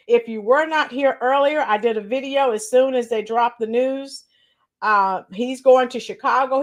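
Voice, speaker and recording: A woman hosting a casual political livestream, greeting viewers by name with frequent fillers and throat clearing. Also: high-pitched. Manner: clears her throat often. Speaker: political commentary channel host.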